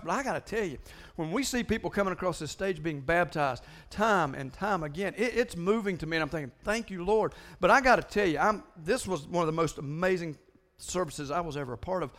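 Male pastor, high voice, animated and stumbling sermon delivery. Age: older than most listeners. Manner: animated, repeating words in bursts.

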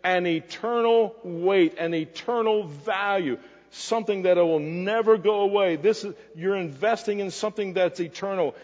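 A pastor preaching a sermon, animated and emphatic at times, dropping to quiet asides at others. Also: male voice, high voice, moderate pace. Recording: dull lo-fi recording in a reverberant hall.

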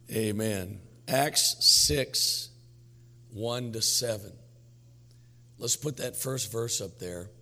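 A man's voice: fairly low pitch, slow, long pauses, fairly bright tone, in a large hall. A man preaching as pastor, his voice weak and worn, joking with the congregation in a folksy way. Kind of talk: sermon.

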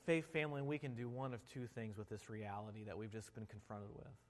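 A man preaching a sermon as a pastor, slow and deliberate, rising to an impassioned pitch before quieting into prayer. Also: steady tone. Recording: long reverb of a large hall.

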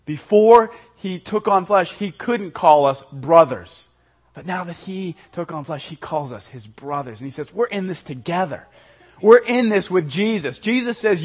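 A male pastor preaching a sermon earnestly, swinging from loud emphasis to soft, intimate lows. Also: expressive, moderate pace, slightly rough.

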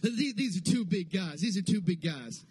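A man preaching in a church sanctuary, his voice sitting high for a man and carrying a husky grain. He leans into repetition and calls back to the congregation, urging them to answer him. The delivery is fervent and rhythmic. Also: lively intonation, moderate pace, a little mellow. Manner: impassioned preaching with call-and-response to the congregation. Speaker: pastor. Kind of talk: sermon.

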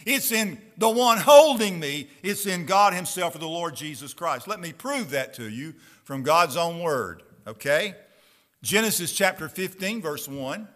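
Reading scripture with slow, earnest weight, this preacher also asks his audience pointed questions. His voice is a little high, animated, bright and forceful.

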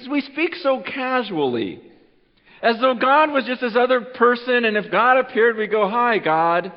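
A man preaching an earnest Christmas Eve sermon. He repeats words as he goes and swings between loud urging and a hushed voice. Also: extremely high pitch. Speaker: pastor. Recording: muffled sound with long hall reverb.

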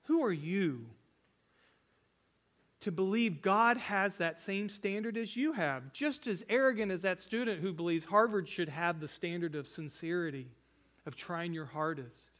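A man's voice: sits high, unhurried, a bit bright. A man preaching a sermon as a pastor, earnest and repetitive, building emphasis on key phrases.

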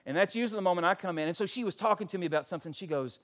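A middle-aged man preaching a sermon as pastor. He moves between fervent, near-shouted passages and quiet, intimate storytelling, and acts out voices when he quotes others. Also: high-pitched, rapid-fire, hardly any pauses.

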